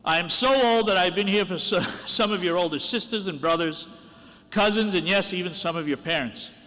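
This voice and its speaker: Man, school dean, bright voice, earnest commencement address in a reverberant hall. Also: sits high, moderate pace. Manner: earnest, encouraging, self-deprecating. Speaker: dean of the senior class. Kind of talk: graduation speech.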